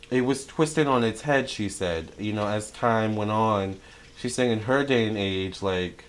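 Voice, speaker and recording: A young man talks through a spiritual tarot reading in a loose, chatty way, full of fillers and restarts. His voice sits a little low and he turns excitable. He sounds like a casual online reader talking to his audience. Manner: excitable, chatty, many fillers and self-corrections. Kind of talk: casual spiritual channeling talk.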